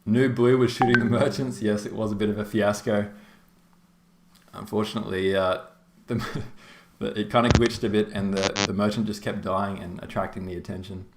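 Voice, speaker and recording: A man's voice: lowish voice, level tone, moderate pace, slight background noise. An Australian man hosting a game tournament stream, chatty and rambling, laughing often and full of fillers. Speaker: tournament caster and stream host. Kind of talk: casual live-stream chat. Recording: roomy echo.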